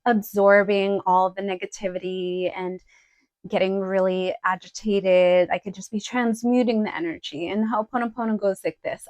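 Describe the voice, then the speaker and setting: A young woman talks casually to her camera about outfits and life, blunt and direct and full of fillers. Her voice sits in a middle range, neither high nor low. The sound is close and dry, with no room echo. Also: steady tone, moderate pace, darkish tone. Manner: chatty and direct, many fillers. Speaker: vlogger. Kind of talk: casual try-on haul chat.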